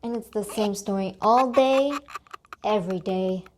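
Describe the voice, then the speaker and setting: A woman's voice: mid-range voice, measured pace, a little hiss or hum. A woman reading a children's story aloud in a cheerful way, stopping to ask young listeners questions.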